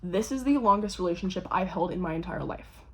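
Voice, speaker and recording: A young woman telling a casual storytime vlog, swearing constantly and talking in a lively, animated way. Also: fairly low pitch, fairly quick, a little hiss or hum. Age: young adult. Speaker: vlogger.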